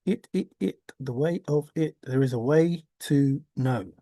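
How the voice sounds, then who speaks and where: A man rambles through a solo vlog, thinking out loud and drifting between ideas. He swears offhandedly and chuckles at his own thoughts. His voice sits in a middle register and sounds close and dry, with no room around it. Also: mid-range voice, unhurried, dry recording. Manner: musing aloud, wandering, swears casually, laughs to himself. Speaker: vlogger. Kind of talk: rambling monologue.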